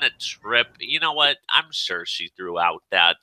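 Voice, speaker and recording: A man's voice: sits low, animated, measured pace, few pauses, pushed and bright, no echo, rough recording. A tired man venting and swearing in casual chat, rambling in exasperation.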